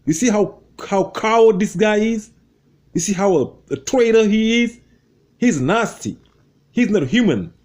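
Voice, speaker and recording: High-voiced man, scornful commentary. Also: lively intonation, measured pace, darkish tone. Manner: scornful, mocking, repetitive. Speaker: debate show host replaying a clip. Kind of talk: heated commentary.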